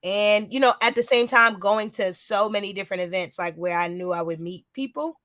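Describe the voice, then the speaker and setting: Speaking briskly at a medium pitch with a bit of brightness, a podcast host and sneaker creator, here a guest, shares her story in a loose, rambling interview full of filler words. The recording is dry and clean, studio-grade.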